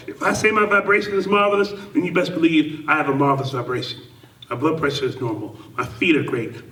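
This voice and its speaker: A man's voice: a little high, fairly bright tone. A middle-aged man performing spoken word poetry with rhythmic, repetitive, playful affirmations. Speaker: performance poet. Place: club meeting room. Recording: echoey room, mic at a distance.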